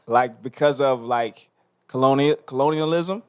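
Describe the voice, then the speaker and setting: A man's voice: mid-range voice, measured pace, a little mellow, clear, resonant tone. A man hosting a podcast in playful, hype, joking casual chat. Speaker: podcast host.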